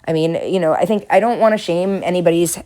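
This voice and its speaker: A woman, possibly in her thirties, from the Boston area with a faint Boston accent, talks gently and encouragingly about her art while she paints, laughing at herself now and then. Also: lowish voice, quick pace. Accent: faint Boston, mostly smoothed out. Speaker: art vlogger and therapist. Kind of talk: casual reflective talk while painting.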